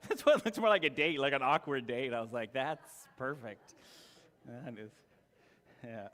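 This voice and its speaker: A man preaching a casual sermon, chatty and self-deprecating, full of asides and restarts. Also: mid-range voice. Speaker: pastor. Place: church hall. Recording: long hall reverb.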